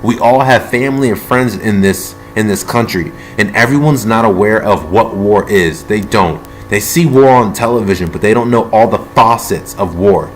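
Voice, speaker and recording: A man with a lowish voice talks in a heated, rambling rant. He repeats points, stops and restarts, and curses, with faint guitar music playing behind him. He speaks like a video blogger sounding off from his own workshop. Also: moderate pace, few pauses. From United States. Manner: heated, repetitive, restarts and asides, swears. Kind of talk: impassioned rambling monologue. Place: among his tools and toolboxes, like a workshop.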